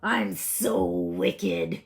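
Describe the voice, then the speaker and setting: A woman's voice: lowish voice, huge pitch swings, vocal fry, heavily acted. A woman voicing a greedy, wicked male wolf in a storybook read-aloud, smug and drawing out his words. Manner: smug, relishing, drawn-out words.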